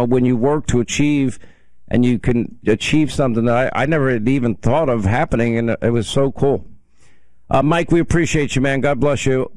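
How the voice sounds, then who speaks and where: A man's voice: medium pitch, darkish tone, dry recording. A man hosting a call-in radio talk show, chatting and reminiscing with callers. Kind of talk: casual call-in chat.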